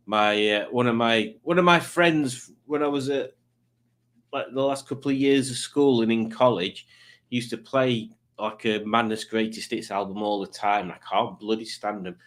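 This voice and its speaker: A man's voice: mid-range voice, normal speed, fairly bright tone. A man hosting a casual live quiz stream, rambling along with jokey, self-mocking asides. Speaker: quiz show host.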